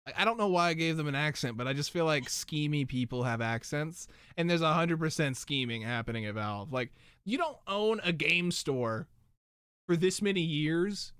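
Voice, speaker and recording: A man's voice: a little high, expressive, normal speed, a bit bright, clean tone, no echo. A man hosting a casual podcast chat, rambling animatedly through tangents in a soundproofed home studio. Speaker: podcast host.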